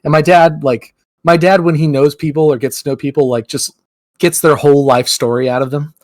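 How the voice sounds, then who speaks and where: Brief: young male podcast co-host, casual rambling storyteller, slightly high voice, dry close mic. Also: steady tone, fairly quick, darkish tone, dry recording. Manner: rambling, lots of "like", acts out quotes.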